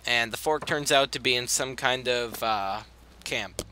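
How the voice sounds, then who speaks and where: A man's voice: medium pitch, a little slow, pushed and bright, a little hiss or hum. A young man casually commentating his gameplay, rambling, easily sidetracked and apologizing often. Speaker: gaming video host. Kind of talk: casual let's-play commentary.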